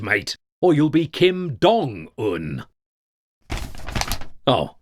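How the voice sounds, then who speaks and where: A middle-aged British man narrates a deadpan comic monologue, slow and dry, though his pitch stays lively.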